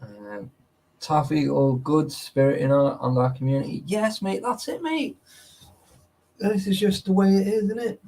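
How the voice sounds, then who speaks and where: A man's voice: fairly high pitch, a little slow, mellow, poor audio. A man hosting a casual live stream. He talks in a laddish way, swears a lot and laughs often. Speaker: livestream host.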